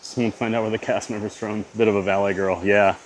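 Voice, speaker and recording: A man with a Louisiana accent live-streaming from a theme park, reading and answering chat viewers in a relaxed way. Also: on the low side, fast talker, a little hiss or hum.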